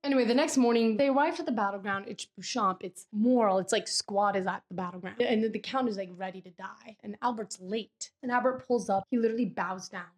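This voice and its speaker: A young woman casually recapping a novel she read, chatty and animated, acting out the characters' lines with lots of "like". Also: medium pitch, brisk, few pauses. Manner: chatty, animated retelling full of "like" and quoted dialogue. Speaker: book reviewer.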